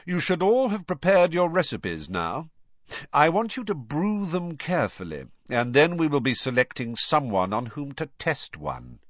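A man's voice: a little high, huge pitch swings, moderate pace, fairly bright tone, no room sound, dull audio, voice pushed up, exaggerated voice. A man voicing a cold, contemptuous teacher who speaks curtly. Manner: curt, cold, clipped.

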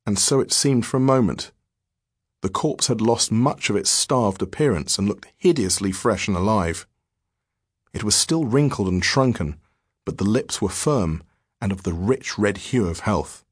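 A man narrating a diary-form horror story in a measured, grave manner. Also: lowish voice, lively intonation, husky, no room sound, studio quality.

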